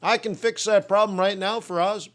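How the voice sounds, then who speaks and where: His voice is high and steady, and he talks at a normal speed. It's live market commentary: he hosts a trading webinar, casually reflecting on jobs data and answering viewers with humor.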